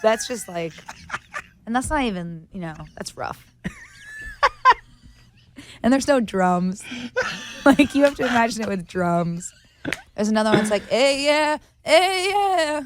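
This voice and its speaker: A woman in her twenties, a guest actress in a casual chat, telling jokey stories with laughs and quick voices for the people in them. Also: medium pitch, animated, noisy background. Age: 20s. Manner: jokey, laughing, acts out other people's lines.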